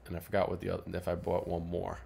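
A man co-hosting a casual podcast, telling stories and jumping into loud voices when he quotes people. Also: deep voice, monotone, racing, creaky, husky. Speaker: podcast co-host. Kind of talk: casual chat.

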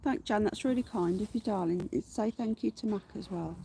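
A woman's voice: medium pitch, brisk, gravelly, mellow, slight background noise. Chatty woman streaming outdoors. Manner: chatty, greets viewers, swears casually. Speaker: livestream host. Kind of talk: casual livestream chat. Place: outdoors in a garden.

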